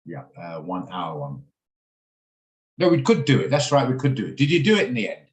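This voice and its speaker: A man's voice: medium pitch, huge pitch swings, fairly quick. Male trading host, blunt and rambling, echoey video-call sound. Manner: chatty, blunt, rambles off topic. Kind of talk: casual chat in an online trading session. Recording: roomy echo on a video call.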